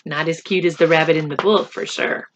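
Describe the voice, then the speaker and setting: A woman teacher reading a picture book aloud to children, expressive and stopping to count along with them. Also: deep voice, brisk, slight background noise. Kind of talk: read-aloud storytime.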